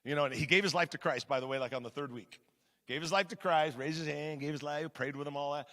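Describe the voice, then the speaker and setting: A male pastor preaching a sermon in a lively, conversational storytelling manner, often asking the audience questions. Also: a little high, fast. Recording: long church hall reverb.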